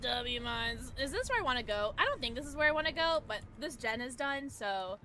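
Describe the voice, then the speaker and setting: Brief: woman game streamer, high and bouncy, shrieky, chats with viewers. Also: a little fast. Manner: excitable, shrieks and laughs; chatty, swears, thanks chat. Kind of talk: live gameplay commentary.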